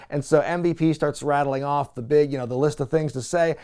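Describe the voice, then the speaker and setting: A man's voice: on the high side, steady tone, brisk, few pauses, darkish tone, clean tone. A man hosting a wrestling recap show, talking in a wry, chatty way and laughing at what he describes. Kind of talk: casual recap commentary.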